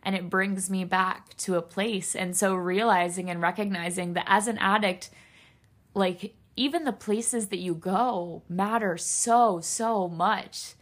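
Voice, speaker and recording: A woman's voice: medium pitch, steady tone, a little slow. A young woman hosting a solo podcast, speaking earnestly and emotionally straight to her listeners, near tears. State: tearful. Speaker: podcast host.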